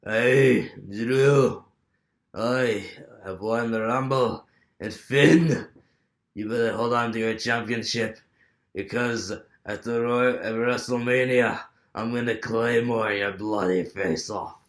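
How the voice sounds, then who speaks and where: A man doing a rough Scottish accent for a boastful male wrestler, in an echoey room. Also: medium pitch, fairly even intonation, takes it slowly, natural voice. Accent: Scottish, imitated.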